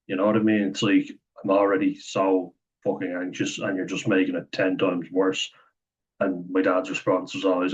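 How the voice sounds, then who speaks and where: Deep flat-voiced man, laughing and swearing. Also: brisk, dull audio. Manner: swears freely, laughs often, acts out quotes. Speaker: vlogger. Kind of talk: candid personal talk to camera.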